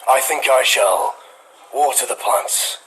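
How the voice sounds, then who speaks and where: A man's voice: medium pitch, lively intonation, slow, a bit bright, slight background noise, rough recording. A man voicing an earnest noble lord who speaks formally and grandly. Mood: contented.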